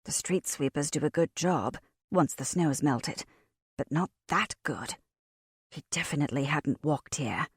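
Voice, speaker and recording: A woman narrating a cozy fantasy audiobook in the first person, with a wry, expressive storytelling manner. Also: low-pitched, measured pace, breathy edge, dry recording.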